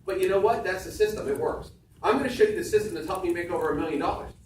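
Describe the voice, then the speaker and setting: Emphatic high-voiced man speaking on stage. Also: racing, a little mellow. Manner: emphatic, punchy, repeats key phrases. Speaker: seminar speaker. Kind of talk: motivational sales talk on stage. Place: large room with audience. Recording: echoey room, far from mic, faint background noise.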